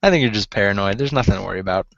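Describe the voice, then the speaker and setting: A man's voice: on the low side, rapid-fire, creaky, a bit bright, dry recording, muffled recording, voice pushed down. A man voicing a dismissive female companion at camp, talking in an offhand way. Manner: offhand, brushing things off.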